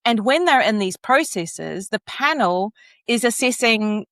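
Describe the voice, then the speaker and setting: Woman, coach guest; expressive, dry booth sound. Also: a little high, measured pace, no echo. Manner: expressive, demonstrates vocal inflection. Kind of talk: podcast interview.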